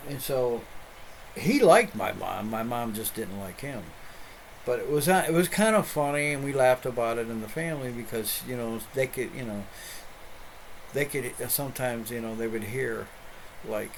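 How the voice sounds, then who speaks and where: A man's voice: mid-range voice, lively intonation, moderate pace, slight background noise, poor audio. A middle-aged man, a pastor hosting an online show, telling a rambling story in casual chat with many restarts.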